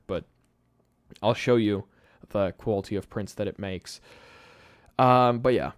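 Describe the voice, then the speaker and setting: A man's voice: medium pitch, unhurried, long pauses, smooth, dry recording, studio quality. A tired man hosting a late-night live stream, chatting to his viewers in a rambling way with frequent laughs and restarts. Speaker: YouTube channel host. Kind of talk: casual live-stream chat.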